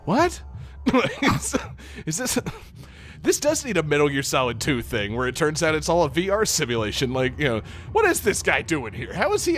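A man's voice: medium pitch, a bit bright. A man co-hosting a podcast, chatting casually about a video game in a rambling way, with lots of fillers and laughter. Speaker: podcast co-host.

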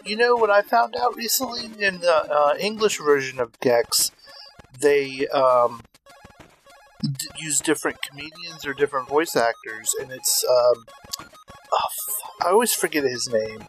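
A man's voice: a little high, a little slow, a bit bright, faint music behind, rough recording. A man co-hosting a podcast in casual chat, sharing a tidbit and swearing offhandedly. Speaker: podcast co-host.

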